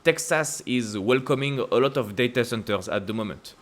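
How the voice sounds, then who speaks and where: French-accented man talking stocks. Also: moderate pace. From France. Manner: emphatic, repetitive rhetorical questions with sudden upward pitch leaps. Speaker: investing channel host. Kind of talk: casual stock-market commentary to camera.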